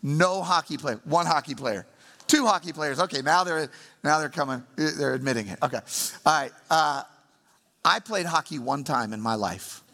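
A lively man preaches with a bright, ringing tone and a voice that leaps up and down as he drives his points home. He breaks off to quiz the congregation and tell stories, and his words trail off into a long hall echo. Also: on the high side, moderate pace, creaky. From St. Louis, Missouri. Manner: animated, emphatic storytelling with congregation asides. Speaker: pastor. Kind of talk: sermon.

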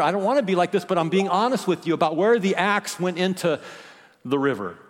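A man preaching a sermon as a pastor, with impassioned delivery that swings between loud emphasis and hushed, quiet phrases. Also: a little high, long reverb tail. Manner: impassioned preaching, rising and dropping to near-whispers.

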